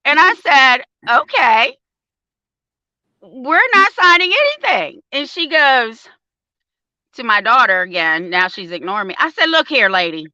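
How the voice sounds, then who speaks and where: An older woman who works as a parent advocate tells a story in casual conversation, her voice high and unhurried. She's an animated storyteller who acts out the quoted voices. The recording is dull, with no room sound.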